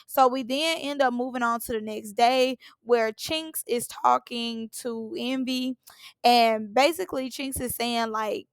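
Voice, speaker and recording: A woman's voice: fairly high pitch, fairly even intonation, measured pace, smooth, no echo. A woman, giving a sassy, opinionated recap of a reality show in a casual, blunt way.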